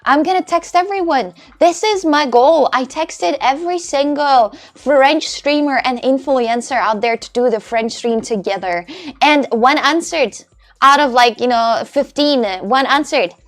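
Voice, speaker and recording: A woman livestreaming in casual chat, rambling as she reads her chat aloud and thanks her viewers. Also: measured pace. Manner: animated when retelling a story, with high exclamations.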